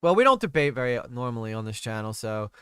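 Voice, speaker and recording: A man's voice: medium pitch, very animated, quick pace, fairly bright tone, smooth, no echo, clean studio sound. Crude, rambling young male streamer. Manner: crude, rambling, trails off often. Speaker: streamer host. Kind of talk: casual stream chat.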